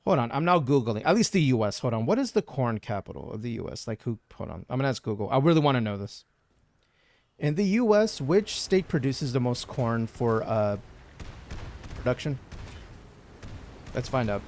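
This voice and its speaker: A man's voice: mid-range voice, very animated, moderate pace, darkish tone, no echo. A man from Texas chatting casually on a gaming livestream, rambling between topics and reading chat messages aloud. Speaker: streamer.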